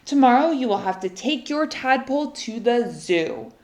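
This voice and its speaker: A woman's voice: fairly high pitch, sing-song, normal speed, echoey room. A woman voicing a stern, sensible pair of parents who speak firmly and properly.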